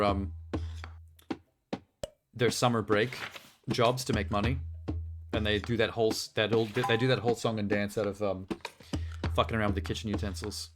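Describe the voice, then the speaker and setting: A man streaming a game, chatting casually with blunt, profane jokes, with game music behind. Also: fairly low pitch. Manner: blunt, profane, joking asides. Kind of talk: casual live-stream gameplay commentary.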